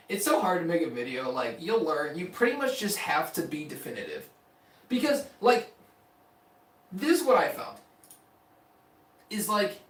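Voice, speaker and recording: A man's voice: fairly high pitch, a bit bright. A young man hosting a casual live stream, rambling and joking about his own tech videos in slangy talk. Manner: loose, rambling, self-mocking, slangy. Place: his room, indoors. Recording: echoey room, mic at a distance.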